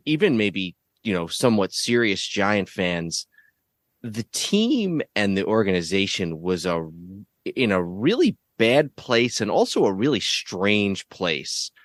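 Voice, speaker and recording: A man hosting a sports history podcast, asking questions in a relaxed way and searching for words. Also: fairly low pitch, slow, no echo, studio quality. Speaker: podcast host. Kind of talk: podcast interview.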